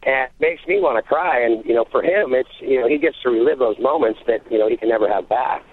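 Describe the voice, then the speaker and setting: A man in his thirties chats easily as an interview guest, his words loose and full of "you know"s. He comes through a thin, tinny phone line with a middle-pitched voice. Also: fast, breathy edge. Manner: casual, relaxed, full of fillers. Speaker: guest, fishing deckhand.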